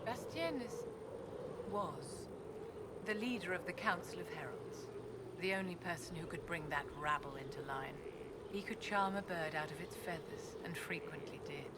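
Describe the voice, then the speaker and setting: A woman voicing a proud, poised aristocratic court mage in a video game, speaking in a refined, measured way. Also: fairly low pitch, very noisy, close to an everyday voice. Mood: wistful.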